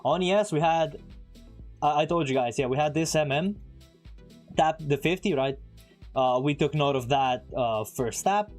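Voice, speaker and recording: A man giving casual live-stream commentary as he trades, chatting with viewers and throwing in quick asides. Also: fairly high pitch, darkish tone, soft background music.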